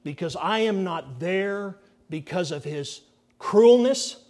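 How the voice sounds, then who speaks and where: A middle-aged male pastor preaching a sermon, earnest and dramatic, dropping to hushed near-whispers for emphasis. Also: fairly high pitch. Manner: earnest, slow and deliberate phrasing.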